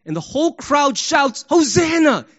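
A man preaching a sermon, animated, acting out crowd shouts and sports examples. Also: sits high, moderate pace, highs cut off. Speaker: pastor.

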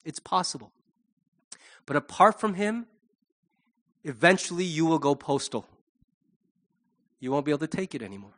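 A middle-aged male pastor delivering a sermon in a fairly high voice. He is animated and lively, slipping into quick voices for the people he quotes.

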